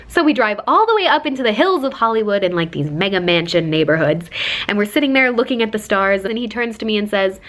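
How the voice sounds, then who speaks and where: A woman's voice: medium pitch, expressive, fast talker, a bit bright. A young woman in her twenties telling a chatty storytime, full of likes and quoting people in put-on voices. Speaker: lifestyle vlogger. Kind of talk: casual storytime.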